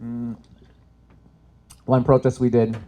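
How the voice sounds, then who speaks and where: A man's voice: medium pitch, takes it slowly. A man from Canada doing a stand-up comedy set at a live event, telling stories and acting out the people in them. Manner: animated storytelling, acts out characters with voices. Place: expo stage in front of a live audience.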